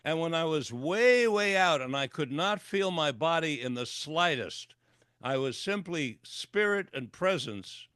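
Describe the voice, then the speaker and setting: Older man, guest storyteller, slightly high voice, dry close sound, acts out dialogue. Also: expressive, a little slow, a bit bright, clear, resonant tone, no room sound. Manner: vivid storyteller acting out dialogue. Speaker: guest, clinical psychologist and author. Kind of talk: storytelling interview. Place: radio interview.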